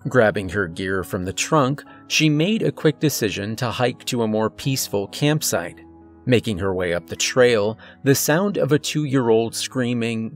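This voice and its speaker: Male narrator, mid-pitched, measured horror storytelling with faint music underneath.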